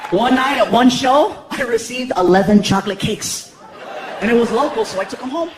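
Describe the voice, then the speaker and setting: A man performing a stand-up comedy set in a theater, telling animated stories and acting out other people's voices for laughs. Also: extremely high pitch, normal speed, a crowd in the background, background noise. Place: large theater stage before a live audience. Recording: live theater with loud audience laughter and room echo.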